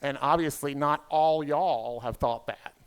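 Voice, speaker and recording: Southern man doing quick crowd work. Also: fairly high pitch, clear, resonant tone. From South Carolina. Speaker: emcee comedian. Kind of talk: stand-up comedy emcee. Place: conference hall stage.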